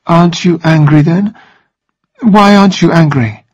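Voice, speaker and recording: A man's voice: fairly high pitch, a little slow, dull audio, pitched above the performer's own voice. A man voicing a fiery, defiant young woman who speaks sharply and indignantly in a read-aloud story.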